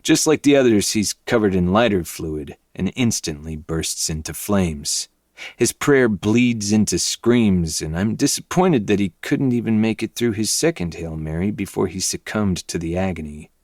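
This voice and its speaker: Deep-voiced guy narrating a dark book, low and intense, dry close mic. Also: animated, normal speed, no room sound. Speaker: podcast host reading a novel. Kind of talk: dark first-person audiobook narration.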